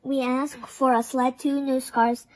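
A woman voicing an excited young penguin twin, bubbly and loud in a storybook reading. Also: high-pitched, unhurried.

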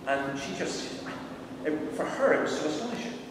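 A man's voice: on the high side, lively intonation, normal speed, background noise. A middle-aged man, a preacher telling earnest, conversational stories to a visiting group inside a large church building. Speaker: preacher and evangelist. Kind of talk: storytelling talk to a visiting tour group. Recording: echoey hall from far off.

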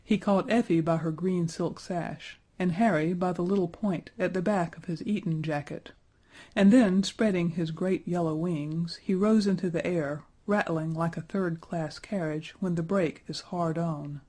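Mellow husky male storyteller. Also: sits high, fairly even intonation, a little slow. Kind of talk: storybook narration.

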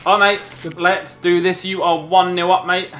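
Gaming YouTuber, male, excitable banter, bright tense voice in a roomy space. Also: high-pitched, moderate pace. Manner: excitable, shouts at goals, laughs a lot. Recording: roomy echo with game music behind.

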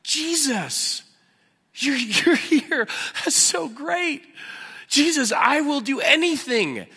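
A man voicing a frightened man hanging from a cliff root, yelling and pleading for rescue. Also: high-pitched, big pitch swings, moderate pace, long reverb tail, pitched above the performer's own voice, heavily acted. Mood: eager pleading.

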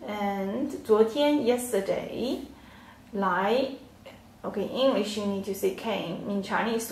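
A woman teaching a slow online Chinese lesson, patiently repeating words and filling pauses with "yeah" and "okay". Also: medium pitch, gravelly, far from the mic, a little hiss or hum. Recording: echoey room, off-mic.

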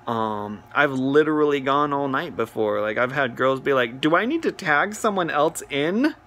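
A man retelling a prank phone call as comedic storytelling, animated and acting out both sides. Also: mid-range voice, normal speed, hardly any pauses. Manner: animated, mimics voices while retelling.

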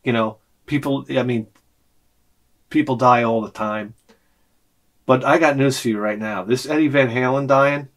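A man's voice: mid-range voice, fairly bright tone. Profane rambling male vlogger. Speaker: vlog host. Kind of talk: casual ranting monologue.

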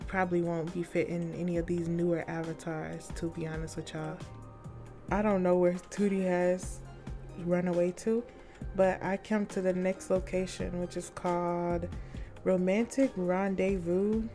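Chatty, excitable young woman gaming vlogger. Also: lowish voice, unhurried, faint music behind. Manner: chatty and excitable, slangy, addresses viewers as y'all. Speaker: gaming YouTuber. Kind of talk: casual game commentary.

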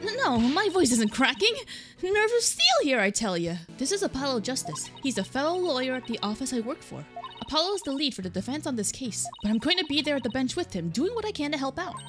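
A woman's voice: sits high, very animated, fast talker, a bit bright, faint music behind, voice pushed up. A woman voicing a plucky young female lawyer in a game, bubbly and emphatic.

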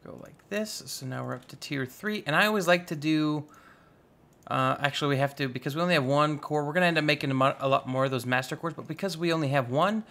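A young man giving casual, goofy let's-play commentary, chatting excitedly with his viewers. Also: fairly high pitch, fast, vocal fry. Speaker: gaming YouTuber.

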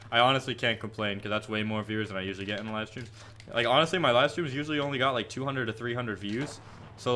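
An 18-year-old man live-streaming gameplay and answering chat questions, chatty and prone to excited, frustrated yelps. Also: mid-range voice, slight background noise. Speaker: gaming streamer. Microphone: headset with headphones.

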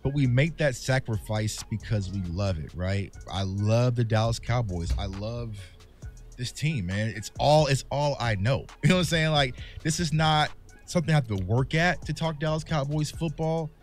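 A sports content creator with a medium-pitched voice speaks at a moderate pace in an emotional vlog monologue to his fans, addressing them as "y'all." He's candid and impassioned, with soft background music playing.

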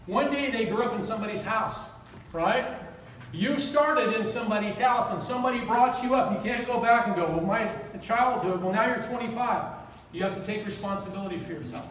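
An older man preaching a sermon as pastor, passionate and quick, often asking the congregation questions. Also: very high voice, fairly bright tone, a little hiss or hum. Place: church hall. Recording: roomy echo, mic at a distance.

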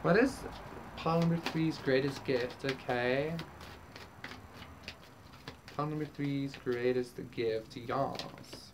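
A woman's voice: very deep voice, slow, pauses often, background noise. A woman doing a casual tarot reading, rambling with many fillers and casual swearing. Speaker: tarot reader. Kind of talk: casual spiritual reading to camera.

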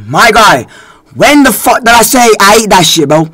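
A man streaming a game live, swearing often and bantering with chat in excitable bursts. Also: high-pitched, normal speed, rough recording. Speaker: gaming streamer. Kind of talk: casual live-stream chatter. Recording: loud game music behind. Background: game music.

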